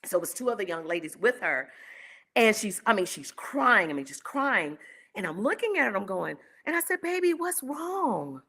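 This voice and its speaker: A woman's voice: medium pitch, sing-song, a little fast, bright, forceful tone. A woman hosting her own online show, telling a personal story to her viewers in a candid, emotional way. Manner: candid and emotional, acts out quoted voices.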